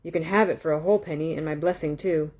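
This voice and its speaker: A woman voicing a hopeful old male beggar with a rough voice in a storybook reading. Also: low voice, steady tone, fast, darkish tone.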